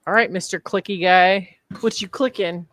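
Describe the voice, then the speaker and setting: A woman's voice: lowish voice, steady tone, normal speed, a bit bright, dry recording. A woman co-hosting a podcast in casual chat, chatty and teasing, who laughs easily. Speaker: podcast co-host.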